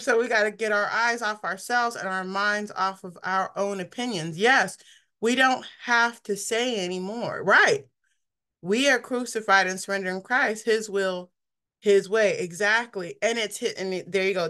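A woman's voice: fairly high pitch, sharp tone. A middle-aged woman giving an informal, conversational sermon, often laughing and acting out the people she quotes. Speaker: preacher.

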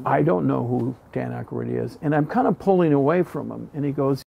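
A man's voice: a little high, fairly quick, gravelly, hardly any pauses, breathy edge, highs cut off. A middle-aged man, a blues singer and harmonica player, telling a casual story and animatedly acting out the people in it. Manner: animated, acts out quoted voices in his tale.

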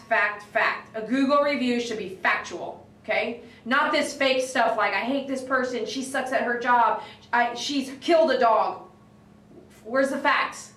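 Excitable lady groomer chatting on a stream, kinda high voice, echoey room, mic a bit far off. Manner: animated, excitable, shouts when retelling stories. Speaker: dog groomer livestreaming to viewers. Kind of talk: casual livestream chat reading comments.

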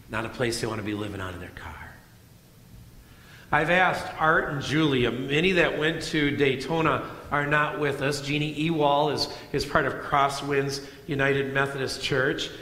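A middle-aged man preaching a sermon as pastor, moving between loud emphatic lines and soft hushed ones. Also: medium pitch, measured pace. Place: church sanctuary. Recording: echoey church hall.

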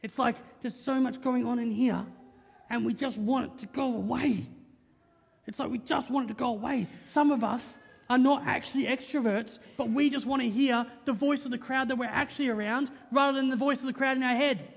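High-voiced Australian pastor preaching in a reverberant hall. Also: male voice, fairly quick, vocal fry. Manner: lively, joking, conversational, keeps asking "right?". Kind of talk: sermon. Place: church auditorium. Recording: long reverb of a church hall.

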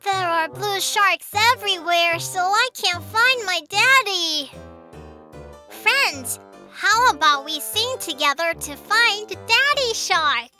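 A woman's voice: very high-pitched, expressive, slow pace, pushed and bright, faint music behind, heavily acted. A woman voicing an eager little girl shark in a cartoon, who talks to the viewers in a sing-song way. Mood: curious.

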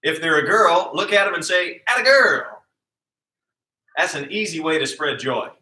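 A high-energy man coaches a kids' PE class live, his bright, sharp voice firing out moves and encouragement without a pause. He sits a little high for a man and sounds like he is moving along with the class. The sound bounces around an echoey room, picked up by a camera mic at some distance. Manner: energetic, upbeat, nonstop coaching patter calling out moves. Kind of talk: live-streamed exercise class.

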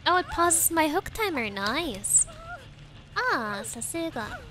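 A woman's voice: sits high, very animated, takes it slowly. A woman streaming a game, commenting dramatically and ranting at opponents, slipping Japanese words in and talking about herself in the third person. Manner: dramatic, frustrated rants at the game. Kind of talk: live gameplay commentary.

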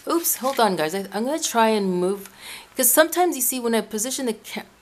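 A woman's voice: a little high, lively intonation, brisk. A woman from Ecuador talking casually to her camera about faith at home, rambling along with many restarts and self-corrections. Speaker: Christian video blogger. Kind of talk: casual religious vlog talk. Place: room at home by a window. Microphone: camera in front of her.

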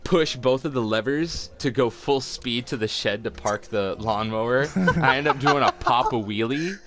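A man's voice: mid-range voice, normal speed, over loud music. A young man telling a rambling, sweary story in casual chat, laughing often between filler-heavy lines. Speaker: podcast co-host telling a story.

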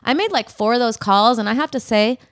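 Woman co-host, 30s, chatty and laughing, slightly higher voice, dry close mic. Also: animated, a little fast, no echo. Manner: chatty, laughing, acts out quotes. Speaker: podcast co-host. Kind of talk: casual chat.

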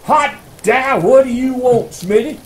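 An older man with a South Carolina accent voicing a gruff, blustery older male hunting coach, barking his lines. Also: extremely high pitch, measured pace, a little hiss or hum, voice pushed up. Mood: barking orders. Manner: barking, exclamatory.

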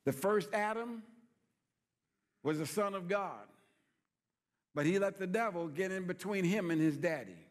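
A man's voice: sits high, unhurried, long pauses, big-room sound. A man preaching as a pastor, folksy and playful, asking the congregation call-and-response questions. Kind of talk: sermon.

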